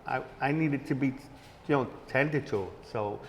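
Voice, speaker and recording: A man co-hosting a casual comedy chat show, rambling and halting with lots of fillers, in front of a small live audience. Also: medium pitch, lo-fi sound, a little hiss or hum. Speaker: co-host. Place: local venue with live audience. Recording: room with long reverb.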